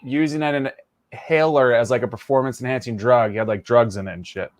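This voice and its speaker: Laid-back mid-pitched man co-host. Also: a little fast, dry recording. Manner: laid-back, laughs easily. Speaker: co-host and trivia contestant. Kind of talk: casual banter.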